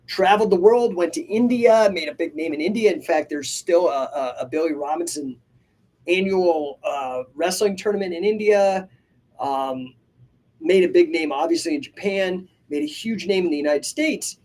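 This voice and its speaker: Husky-voiced man telling stories energetically. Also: sits high, normal speed. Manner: energetic storytelling with many asides and restarts; casual, swears freely. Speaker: podcast host and coach. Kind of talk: casual live podcast talk. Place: live stream.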